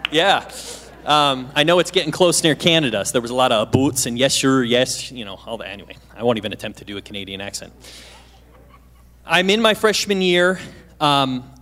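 Chatty pastor telling a story at church. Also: male voice, mid-range voice, fairly bright tone. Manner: chatty, self-deprecating, asks the audience questions. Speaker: guest pastor. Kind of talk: sermon storytelling with humor. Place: church stage.

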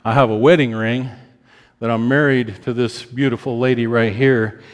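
A man in his fifties preaching a sermon with strong emotion, his pitch climbing when stirred and his voice softening as he acts out prayers of repentance. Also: fairly even intonation, moderate pace. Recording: long hall reverb.

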